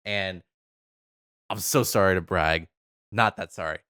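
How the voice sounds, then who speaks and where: Man, podcast co-host, low voice, playful, casual swearing, dry close sound. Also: unhurried, sharp tone, smooth, dry recording. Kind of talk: casual chat.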